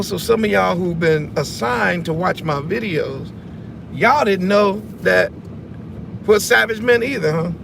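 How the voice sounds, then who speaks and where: A man's voice: sits high, vocal fry, noisy background. A man hosting a casual vlog rant from inside a car, slangy and emphatic, full of rhetorical questions. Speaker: video host.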